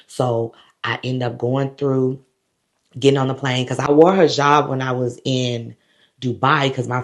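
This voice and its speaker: A woman vlogger from the United States, animatedly retelling a travel ordeal straight to the camera. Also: extremely low pitch. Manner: animated, dramatic retelling with quoted voices and laughs. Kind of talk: casual storytelling to camera.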